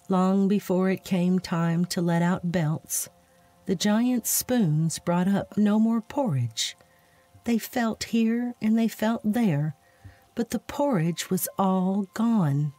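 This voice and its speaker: Woman, bedtime story narrator, slow, mellow voice, soothing, dry recording. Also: on the low side, no echo. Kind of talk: soft bedtime story reading.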